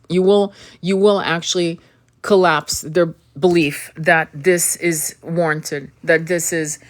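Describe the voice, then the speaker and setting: A woman host talking straight to the viewer in an impassioned monologue. She is earnest and pleading, repeats and restarts her words, asks direct questions, and breaks off now and then to cough from an irritated throat. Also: on the low side. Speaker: spiritual reader and channel host.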